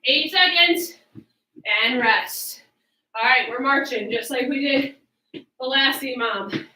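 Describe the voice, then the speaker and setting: A woman's voice: sits high, slow pace, pushed and bright, roomy sound, recorded from a distance, low-quality recording. A woman fitness coach leading a workout, upbeat and coaching through the moves while out of breath. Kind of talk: workout instruction. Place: home workout space with fan.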